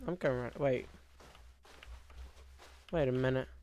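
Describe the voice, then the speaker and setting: A man's voice: medium pitch, unhurried, darkish tone, lo-fi sound. A man streaming a game live, chatting to himself and humming as he plays. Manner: chatty, talks to himself while playing, hums.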